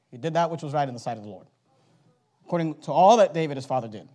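A man preaching a sermon, reading scripture aloud and swinging between loud, emphatic exhortation and low, urgent asides. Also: lively intonation, racing.

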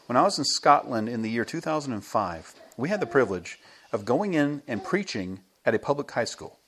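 An American pastor preaching a sermon in a church, telling stories with a lively manner and chuckling between his points. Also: mid-range voice, brisk, slight background noise. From United States.

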